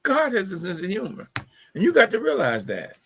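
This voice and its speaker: A man's voice: sits high, wildly swooping pitch, brisk, creaky, fairly bright tone, slightly rough. A middle-aged man hosting a live call-in show, telling jokes casually, repeating his punchlines and stumbling over words. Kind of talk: casual humorous talk.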